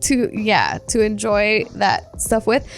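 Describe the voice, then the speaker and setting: A woman podcast co-host, agreeable and quick to affirm, chatting and starting an ad read. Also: mid-range voice, very animated, vocal fry, faint music behind. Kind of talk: casual chat and ad read.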